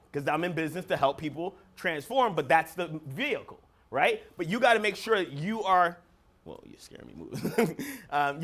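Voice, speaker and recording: High-voiced energetic male coach. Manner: energetic, emphatic, acts out phone calls. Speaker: business coach and seminar speaker. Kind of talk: motivational seminar talk. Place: seminar room with live audience.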